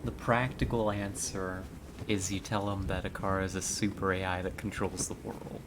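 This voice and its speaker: A man's voice: deep voice, level tone, normal speed, noisy background. A man giving casual, emotional let's-play commentary into a headset, chatting and laughing often as he reacts to the game. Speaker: game streamer.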